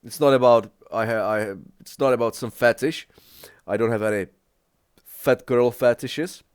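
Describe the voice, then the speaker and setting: A man with English as a second language, sick, giving halting casual reaction commentary and often asking "yeah?". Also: medium pitch, smooth, dry recording, studio quality. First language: not English. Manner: halting, repeats words, asks "yeah?" often. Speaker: reaction video creator.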